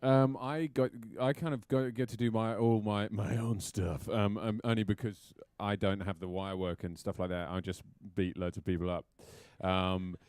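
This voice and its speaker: Low-voiced man, halting and wry. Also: steady tone, a little mellow, smooth, no echo. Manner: halting, many restarts, dry humor. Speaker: actor guest. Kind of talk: casual interview chat.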